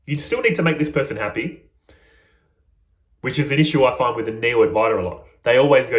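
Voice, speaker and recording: A man's voice: medium pitch, very animated, a little fast, echoey room. A man giving an informal, earnest spiritual lesson to his viewers in a conversational way. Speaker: spiritual teacher.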